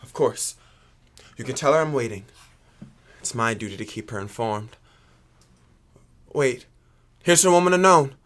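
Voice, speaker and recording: A young prince wrestling with a forbidden love, voiced by a man in a stage tragedy. He speaks earnestly at a middling pitch and often drops to a subdued hush. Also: lively intonation, measured pace, long pauses. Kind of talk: stage drama acting.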